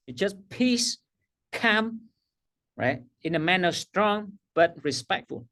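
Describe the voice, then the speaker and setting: A man's voice: high voice, very animated, slow, fairly bright tone. A middle-aged man teaching a coaching workshop, emphatic, repeating his key phrases and laughing at himself. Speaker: coaching trainer.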